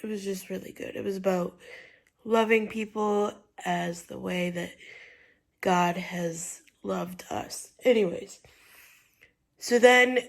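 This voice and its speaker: A young woman tells a story to her vlog audience at an unhurried pace, her voice sitting in an ordinary middle range. She rambles, circles back and leans on "like" and "you know" as she recounts what happened. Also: medium pitch, vocal fry. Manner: rambling, full of "like" and "you know", retelling with feeling. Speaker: vlogger. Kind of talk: casual storytelling to camera.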